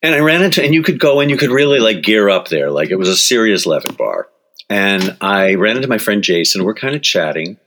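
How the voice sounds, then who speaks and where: A man in his sixties speaks in a deep, low voice as an author being interviewed. He tells personal stories with lots of energy, breaks into laughter often, and acts out what other people said. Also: very animated, a little fast, fairly bright tone. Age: 60s. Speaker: author and guest. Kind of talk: storytelling in interview.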